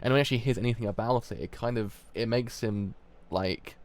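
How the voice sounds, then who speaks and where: A man's voice: mid-range voice, brisk. A man giving a casual live review, rambling with many restarts and fillers. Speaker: manga reviewer.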